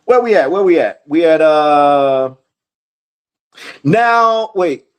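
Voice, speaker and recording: A man with a high voice teaches scripture in a relaxed, conversational way. His pitch swings widely as he reads verses aloud and talks straight to his listeners. He takes his time, with an unhurried pace. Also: clear, resonant tone. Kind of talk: casual Bible study teaching.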